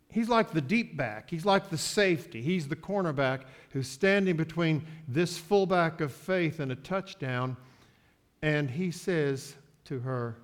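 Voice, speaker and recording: Slow, emphatic preaching man. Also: fairly high pitch. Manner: swings from soft asides to loud, stretched-out declarations. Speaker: pastor. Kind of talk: sermon.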